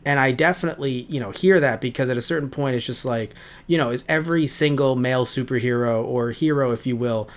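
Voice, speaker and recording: A man co-hosting a casual review podcast, rambling with many restarts. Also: medium pitch. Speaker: podcast co-host.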